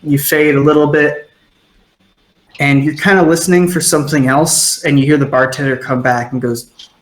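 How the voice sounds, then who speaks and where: A man's voice: on the high side, steady tone, normal speed. A man narrating casually as the game master of a tabletop game. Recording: roomy echo.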